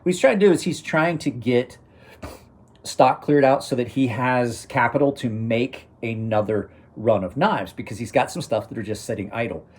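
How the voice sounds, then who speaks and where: Husky, rambling middle-aged man. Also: medium pitch, normal speed, a little mellow. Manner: rambling, restarts sentences, chuckles to himself. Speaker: knife review channel host. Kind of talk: casual live-stream chat.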